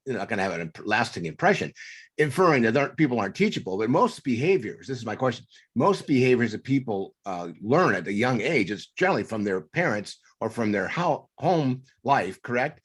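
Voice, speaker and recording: A male talk show host puts long, meandering questions to his guest. He often stops and restarts mid-sentence. His voice has an ordinary, middle pitch. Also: sing-song, breathy edge. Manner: rambling, halting questions with restarts. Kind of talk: interview questions.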